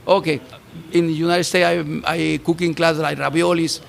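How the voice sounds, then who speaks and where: Chef from Mexico, gravelly voice, halting English, interviewed outdoors on a rooftop. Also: male voice, a little high, little pitch movement, slight background noise. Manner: halting, broken English with restarts. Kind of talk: casual interview. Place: restaurant rooftop bar, outdoors.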